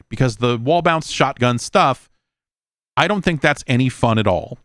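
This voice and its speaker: A man's voice: medium pitch, moderate pace, fairly bright tone, no echo, clean studio sound. A middle-aged man hosting a podcast, reading listener mail and rambling in casual chat, stammering and swearing as he talks. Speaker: podcast host.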